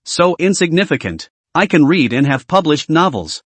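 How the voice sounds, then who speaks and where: A man's voice: on the high side, sing-song, moderate pace, no echo. A man narrating a comic recap story, reading every part in the same voice.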